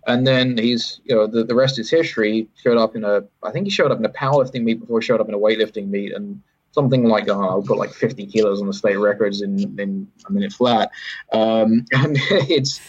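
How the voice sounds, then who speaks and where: A man's voice: on the low side, brisk, slightly rough. A British man talking in a casual, rambling interview, often correcting himself and adding wry asides. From Britain. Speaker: sports federation chief executive, podcast guest. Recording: dull, lo-fi podcast audio.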